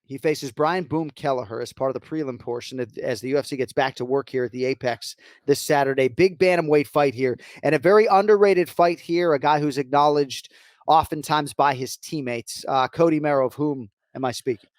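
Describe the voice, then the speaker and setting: Un hombre con acento estadounidense que co-presenta un podcast, charla informal y bromista. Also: male voice, on the high side, a little fast, dry recording. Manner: teasing, lively, joking. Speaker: podcast co-host. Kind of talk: casual podcast banter.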